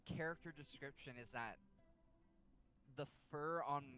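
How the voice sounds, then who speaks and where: A man playing in a tabletop game who talks excitably and often stammers when he gets flustered. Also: a little high, unhurried. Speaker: player. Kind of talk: tabletop role-play banter.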